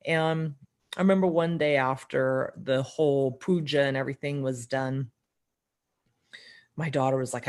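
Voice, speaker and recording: Middle-aged woman telling a lively personal story. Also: moderate pace. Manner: lively, acts out quoted dialogue with shifts in pitch and loudness; laughs often while telling her story. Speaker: podcast guest. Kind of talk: personal storytelling in a podcast conversation.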